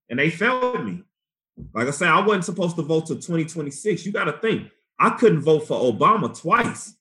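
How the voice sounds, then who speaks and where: A man in his forties from Chicago, a guest activist telling his story in an animated, profane, slangy way. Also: on the high side, moderate pace. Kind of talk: candid storytelling interview.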